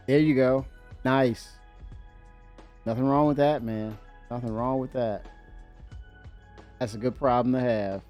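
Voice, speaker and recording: A man hosting a livestream in casual chat, excitable and rambling, laughing often and filling pauses with "uh". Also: mid-range voice, dull audio, soft background music. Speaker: livestream host.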